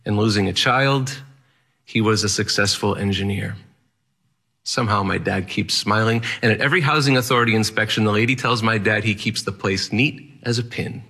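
Male storyteller, lower voice with a bright edge, candid and dry. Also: slightly rough. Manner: candid, wry, matter-of-fact. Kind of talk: first-person storytelling performance.

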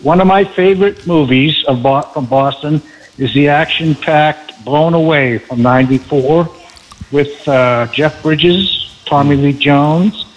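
A man's voice: on the high side, measured pace. Hesitant male caller on a dull line. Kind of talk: call-in radio talk.

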